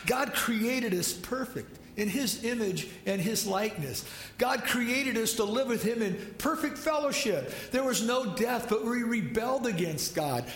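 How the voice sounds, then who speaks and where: A man's voice: high-pitched, reverberant, slight background noise. A man preaching a sermon as a pastor, opening with a prayer and moving into a conversational story.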